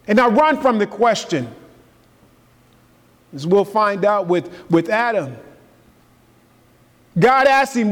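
A man preaches to his congregation, his voice pitched high. He repeats his key phrases and builds to forceful, emphatic peaks. The sound rings with the long reverb of a large church sanctuary. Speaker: pastor. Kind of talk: sermon.

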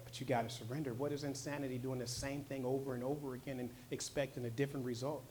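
A man preaching a sermon in a casual, slangy way, swinging from loud, emphatic stretches to soft, low asides. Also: little pitch movement, fast talker, a little hiss or hum. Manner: conversational, slangy, with short emphatic repeats. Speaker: pastor.

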